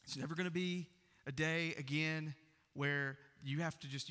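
A man, preaching a sermon in a church and swinging from loud proclaiming to hushed near-whispers. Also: a little high, fairly even intonation, normal speed, in a large hall, faint music behind. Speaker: pastor.

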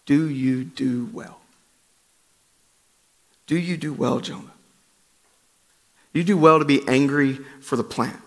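A man's voice: fairly high pitch, animated, slow pace, a bit bright, long reverb tail. A man speaking as a patient, questioning God. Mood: gentle.

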